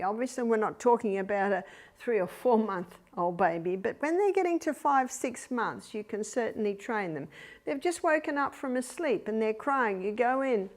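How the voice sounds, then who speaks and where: An older woman with an Australian accent, giving a lecture on raising children, telling anecdotes with chuckles and softly acting out gentle commands. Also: a little high, expressive, normal speed. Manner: anecdotal, chuckling, acts out quiet commands to babies. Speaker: speaker on child rearing. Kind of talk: lecture to an audience.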